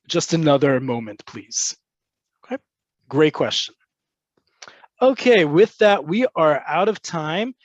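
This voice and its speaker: A man gives an online lesson in a somewhat high voice, explaining with plenty of ums. His audio is dull and dry, like a computer mic on a video call. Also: dry recording. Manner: explanatory, frequent fillers. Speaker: Hebrew language teacher. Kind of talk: webinar lesson answering questions.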